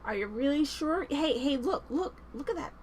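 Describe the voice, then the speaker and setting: A woman's voice: high-pitched, expressive, moderate pace, a little mellow, slight background noise. A woman voicing sneaky eel henchmen who wheedle and insist. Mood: tempting.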